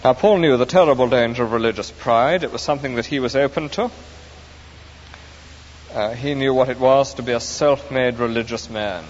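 Preacher in an echoey hall. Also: male voice, medium pitch, moderate pace. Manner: earnest, emphatic, expository. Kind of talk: sermon. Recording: dull echoey hall recording with faint hiss.

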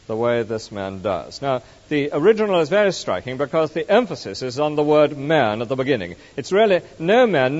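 Male preacher, sermon, measured storytelling, expressive rise and fall, dull recording. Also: mid-range voice. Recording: muffled recording with long hall reverb.

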